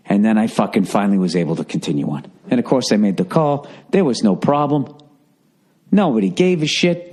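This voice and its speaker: A middle-aged man hosting a podcast, telling a comic story in a profane, exasperated rant with a Boston accent. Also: mid-range voice. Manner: profane, exasperated, animated ranting. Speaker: podcast host.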